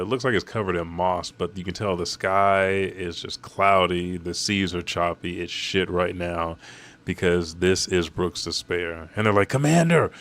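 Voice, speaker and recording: A man hosting a channel, recapping a manga chapter in a casual, excited way, swearing freely and talking back to the characters. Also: sits low, smooth.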